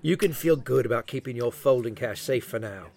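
A man's voice: medium pitch, animated, fairly quick, creaky, a little mellow, pitched below the performer's own voice. A man playing a card hustler who puts on a bad fake Australian accent, breezy and teasing. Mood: cocky teasing. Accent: bad put-on Australian.

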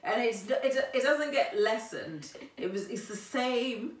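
Young woman, teasing, animated voice, slightly high, far from mic, roomy. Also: takes it slowly. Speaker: podcast co-host. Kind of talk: casual chat among friends.

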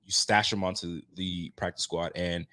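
A man hosting a casual sports podcast, animated and laughing, getting loud for emphasis. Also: sits low, moderate pace. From Haitian roots. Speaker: podcast host.

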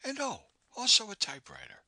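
A man's voice: high voice, huge pitch swings, measured pace, pushed and bright, husky, dry recording, pitched above the performer's own voice, heavily acted. A man reading an audiobook, voicing a refined and earnest young female poet in a lilting, emphatic way. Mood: eager.

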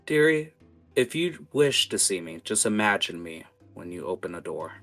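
A man's voice: deep voice, sing-song, normal speed, a bit bright, soft background music, exaggerated voice. A man voicing a scheming, sadistic info-broker woman. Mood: sly. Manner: silky, scheming, calls people dearie. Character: sly, sadistic woman who trades information.

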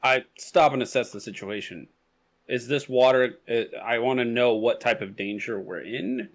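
A man's voice: mid-range voice, animated, normal speed. A man playing a tabletop game who asks the game master many questions about his surroundings. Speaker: player.

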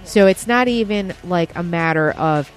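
Woman, comedian, casual chat, animated, stumbling restarts. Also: on the low side, a little slow, clear, resonant tone, soft background music.

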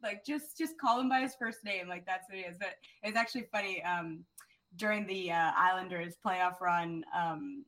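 A young adult woman, a sports reporter, chatting casually on a podcast, animated and quick to laugh as she tells stories. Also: fairly low pitch, poor audio.

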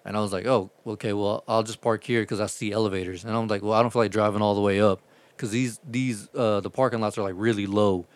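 A man's voice: fairly low pitch, fast, no room sound. A man telling rambling, profane stories about his delivery driving in a casual chat. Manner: profane, rambling, animated retelling.

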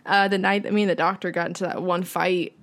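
A woman's voice: fairly low pitch, little pitch movement, fast, fairly bright tone. A woman co-hosting a podcast in casual chat, talking candidly and with feeling, swearing freely. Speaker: podcast co-host.

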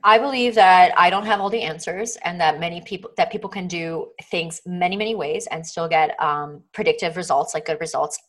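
A woman with a slightly low voice speaks as a podcast guest over a video call. She talks earnestly, with lots of "like" and "um", and acts out little inner voices as she goes. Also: fairly quick, hardly any pauses, rough recording. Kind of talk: casual interview chat.

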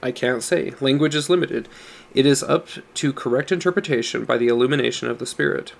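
A man reading a nonfiction book on scripture aloud, measured and explanatory, leaning on stressed words to show meaning. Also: medium pitch, creaky. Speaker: audiobook narrator.

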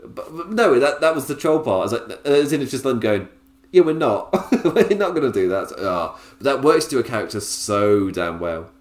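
A man's voice: mid-range voice, sing-song, normal speed. Guy rambling about a wrestling show, laughs a lot, roomy echo. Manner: chatty, laughs often, lots of fillers. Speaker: wrestling podcaster. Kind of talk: casual show review.

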